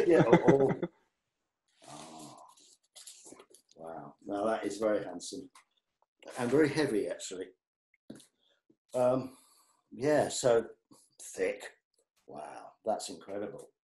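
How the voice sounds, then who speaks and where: A man's voice: on the low side, sing-song, takes it slowly, pauses often, warm tone, slight background noise. Chatty rambling man, roomy sound. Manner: rambling, self-deprecating, chuckling. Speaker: musician unboxing his box set. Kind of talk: casual chat. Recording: roomy echo.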